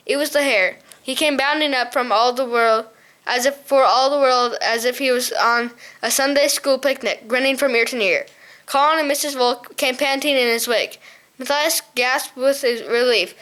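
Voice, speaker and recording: Woman, audiobook reader, storybook narration, high-pitched, frequent slips and self-corrections. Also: moderate pace, a bit bright.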